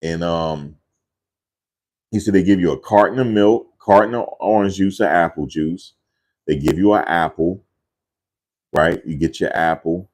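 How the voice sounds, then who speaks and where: A man's voice: low voice, measured pace, pauses often, a little mellow. A man casually telling a rambling family story in a loose, slangy way, often repeating himself.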